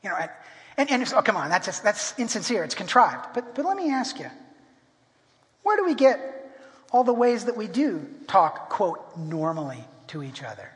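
Middle-aged man, pastor, high voice, delivering a sermon in an emphatic manner with lots of restarts, in a church hall with long reverb. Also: sing-song, moderate pace, fairly bright tone. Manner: emphatic, often restarts and repeats words. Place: church sanctuary.

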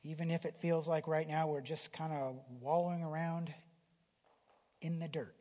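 A man preaching a sermon in a conversational way, restarting phrases and swinging from loud emphasis down to a near whisper, in a church hall. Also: a little high, level tone, normal speed. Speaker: pastor. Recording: long hall reverb.

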